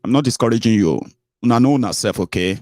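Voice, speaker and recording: A man's voice: mid-range voice, fast talker, darkish tone, dry recording. Man, political commentary host, sarcastic chatty delivery, dry recording. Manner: chatty, sarcastic, drops into Pidgin.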